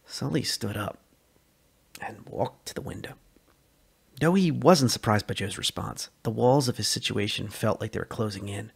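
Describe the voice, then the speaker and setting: A man narrating a science fiction story as a dramatic reading, with measured storytelling. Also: on the low side, vocal fry, slightly rough.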